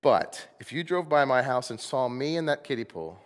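A man preaching a sermon as pastor, playful and animated, acting out little voices as he goes. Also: medium pitch, normal speed, background noise. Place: church sanctuary. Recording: long hall reverb.

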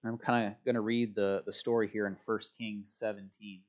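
A man giving a relaxed, chatty sermon to a church congregation, joking about himself as he goes. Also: lowish voice, a little fast. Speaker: preacher. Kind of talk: casual sermon. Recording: dull lo-fi sound.

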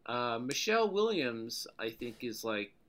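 Bright-voiced man, hesitant casual chat. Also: mid-range voice, big pitch swings. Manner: measured, hesitant with fillers. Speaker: podcast co-host.

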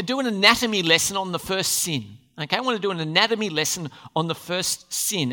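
A man preaching a sermon to his church, animated and quick to question the congregation. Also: high voice. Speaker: pastor.

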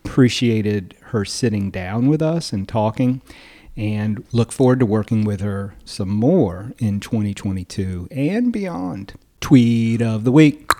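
A man's voice: on the low side, lively intonation, unhurried, warm tone. A man co-hosting a podcast, chatting casually and playfully, laughing often at his own jokes. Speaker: podcast co-host. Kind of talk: casual chat.

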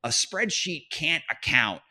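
A man's voice: a little high, very animated, unhurried, sharp tone. A man hosting a fantasy football podcast, talking casually and with animation, often restarting his sentences and laughing mid-phrase. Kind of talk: casual sports chat.

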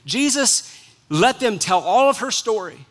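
Pastor, male, high bright voice; earnest sermon delivery with hushed dips and emphatic rises. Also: normal speed. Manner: earnest preaching, swings between soft hushed lines and rising emphatic ones.

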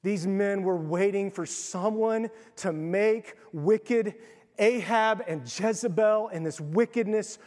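A man preaching a sermon, retelling a Bible story with animated, casual acted-out voices. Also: high voice, big-room sound. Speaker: pastor.

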